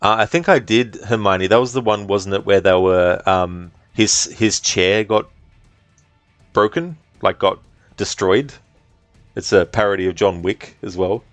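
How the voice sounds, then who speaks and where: A man's voice: on the low side, unhurried, dry recording, faint music behind. A man streaming a game, chatting casually, reading chat aloud and swearing now and then. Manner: relaxed, chatty, reads chat aloud, swears, laughs often.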